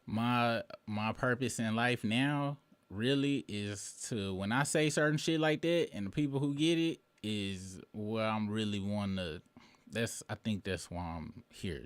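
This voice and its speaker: A man in his late thirties hosting his own show, delivering a rambling, profane commentary monologue with emphatic bursts. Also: low-pitched. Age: late 30s. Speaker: show host.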